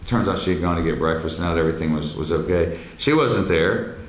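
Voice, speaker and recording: A man telling a personal story in a halting way, full of fillers and restarts, with loud quoted lines. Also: sits low. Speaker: speaker telling his near-death experience. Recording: roomy echo, faint background noise.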